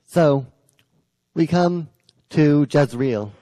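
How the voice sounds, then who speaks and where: Mellow-voiced young man preaching. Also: on the high side, drawn-out words, no room sound, long reverb tail, poor audio. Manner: retells scripture in a casual storytelling way. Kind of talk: scripture reading and sermon.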